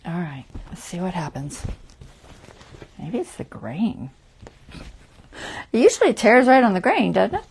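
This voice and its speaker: A woman's voice: medium pitch, wildly swooping pitch, unhurried, pauses often, a little mellow, slight background noise. A woman hosting a casual craft tutorial livestream, chatty and self-deprecating, talking herself through each step and muttering half-whispered asides.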